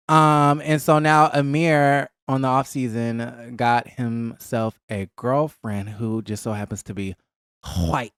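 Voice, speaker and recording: A man chatting casually about a reality show, gossipy and animated, with a close mic. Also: unhurried, smooth, no echo. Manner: gossipy and animated, acting out cast members in a higher voice. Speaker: reality TV recap vlogger. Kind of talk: casual chat.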